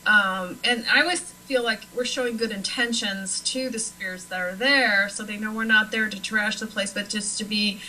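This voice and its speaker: Bright-voiced chatty woman from Nebraska. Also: medium pitch, steady tone, moderate pace, few pauses, slight background noise, rough recording. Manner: chatty, lots of fillers. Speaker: paranormal investigator guest. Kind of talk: casual chat.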